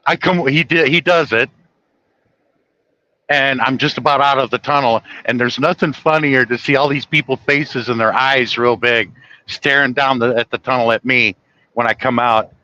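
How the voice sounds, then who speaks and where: Middle-aged man, storytelling trucker, bright ringing voice, chuckles a lot, slightly muffled lo-fi recording. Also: mid-range voice, normal speed, no room sound. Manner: chuckling often, animated when quoting others. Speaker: trucker telling stories. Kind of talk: casual storytelling monologue.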